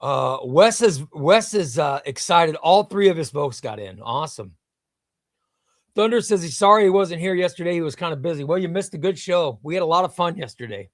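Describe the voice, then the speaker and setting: A man's voice: on the high side, animated, moderate pace, dry recording, clean studio sound. A man hosting a live comics stream in casual chat, greeting viewers by name and rambling, often repeating himself.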